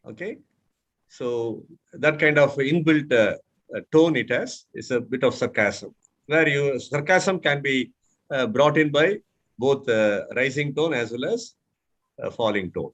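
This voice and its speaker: A man's voice: mid-range voice, a little slow. A man with an Indian English accent mentoring a speaking class over a video call, patiently showing tones by example. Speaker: speech mentor. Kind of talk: online mentoring session.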